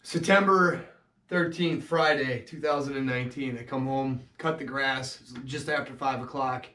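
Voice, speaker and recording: A man's voice: medium pitch, steady tone, sharp tone, echoey room, recorded from a distance. Man telling a hard personal story. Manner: halting, emotional, many restarts and fillers. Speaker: vlogger telling his own story.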